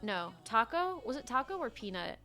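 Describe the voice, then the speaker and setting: A young woman livestreamer in casual chat, telling stories in a chatty, animated way and swearing freely. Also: a little high, normal speed, faint music behind.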